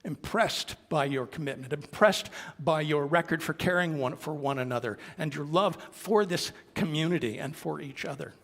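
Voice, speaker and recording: A man's voice: fairly high pitch, moderate pace, gravelly, hardly any pauses. A man giving a sermon as a minister, speaking earnestly and conversationally with small asides. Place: sanctuary of a congregation. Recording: long reverb of a worship hall.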